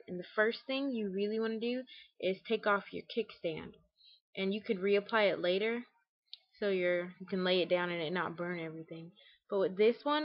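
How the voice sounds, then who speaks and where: A young woman talks her viewers through a home tutorial in a loose, chatty way, full of fillers. Her voice sits in a middle range. The recording is dull and lo-fi, picked up by a camera mic in a room at home. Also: mid-range voice. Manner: chatty, with many fillers and acted quotes. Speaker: beauty vlogger. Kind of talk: casual how-to tutorial. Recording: dull lo-fi webcam audio.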